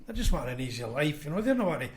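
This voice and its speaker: A Scottish former union convener with a high-ish, very animated voice talks very fast over slight background noise. In a casual podcast chat, he tells blunt anecdotes and acts out the voices of the people he quotes.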